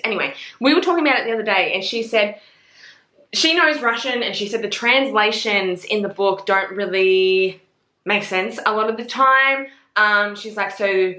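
A young woman, talking bluntly and excitedly about books in a casual, sweary vlog. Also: medium pitch. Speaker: book reviewer. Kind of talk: casual book recommendation vlog. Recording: roomy echo.

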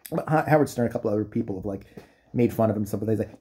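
A man's voice: medium pitch, very fast, dark tone, breathy edge. A man delivering a profane, mocking comedic rant, breaking into exaggerated impressions. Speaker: comedic commentator. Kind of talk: ranting comedic commentary.

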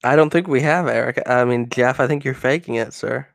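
A man's voice: medium pitch, brisk, vocal fry, no echo, studio quality. Rambling young American man on a call. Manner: rambling storyteller who laughs at his own tales. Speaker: livestream guest. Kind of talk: casual chat over a voice call.

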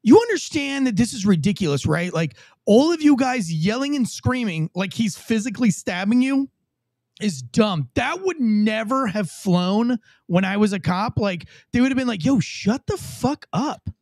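A man, a former police officer, hosting a live podcast and commenting on body camera footage in an animated, profane way, often acting out voices to mock what he sees. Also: high voice, normal speed, dry recording, studio quality. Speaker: podcast host and former cop.

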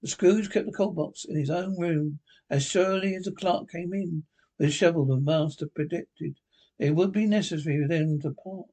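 A husky-voiced man reads a classic story aloud, pitched a little high. His reading is unpolished, with stumbles and restarts along the way. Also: normal speed, darkish tone, poor audio.

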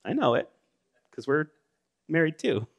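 A middle-aged male pastor preaching a sermon, reading scripture aloud and breaking into plain conversational asides, swinging between loud exclamations and quiet, low remarks. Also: sing-song, a little slow, breathy edge.

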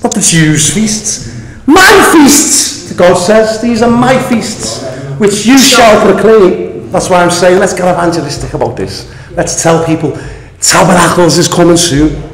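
Animated man preaching, echoey room. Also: sits high. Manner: animated, emphatic, laughs at own asides. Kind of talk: sermon.

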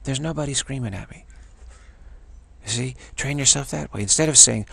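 A man's voice: mid-range voice, moderate pace, vocal fry, long pauses, a bit bright, slightly rough. A middle-aged man teaching a self-development practice in a motivational talk, emphatic and repeating phrases for stress.

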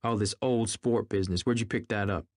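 A man's voice: on the low side, fairly even intonation, brisk, no echo, studio quality, close to an everyday voice. A man voicing an impatient, domineering wealthy man who speaks curtly and sharply. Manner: curt and sharp.

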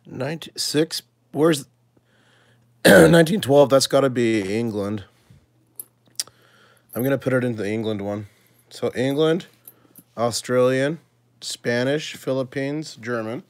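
A man of ordinary pitch talks casually to his viewers while he sorts through a pile of coins, thinking aloud and breaking into excited exclamations. His voice sits close and dry, with no room sound around it. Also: unhurried, long pauses, dry recording. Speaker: coin collecting channel host. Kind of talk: casual live coin sorting chat.

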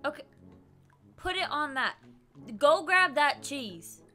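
A young woman streaming a video game, loudly and excitedly giving her partner step-by-step instructions and laughing often. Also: high-pitched, takes it slowly, faint music behind. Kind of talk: casual gameplay chat.

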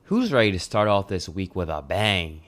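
A young adult man hosts a podcast, delivering a loose, jokey monologue and swearing freely. His voice sits low and is a bit bright, very animated, at normal speed.

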